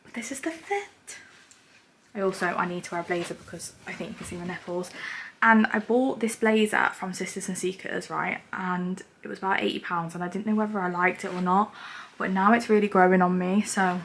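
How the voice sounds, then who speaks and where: A woman's voice: fairly low pitch, steady tone, a little fast, a bit bright. A young woman chatting casually to her phone camera as a lifestyle vlogger, rambling and frank with lots of asides. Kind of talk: casual vlog chat to camera. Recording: roomy, with clear background noise.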